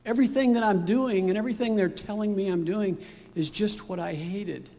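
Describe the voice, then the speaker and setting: A middle-aged man, a father, telling his personal story in a reflective, unhurried way. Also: high-pitched, mellow. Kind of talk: personal testimony. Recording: long hall reverb.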